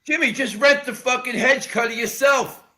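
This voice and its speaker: A man's voice: very high-pitched, steady tone, normal speed, bright, forceful tone. A man co-hosting a casual podcast, blunt and teasing. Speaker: podcast co-host. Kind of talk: casual chat.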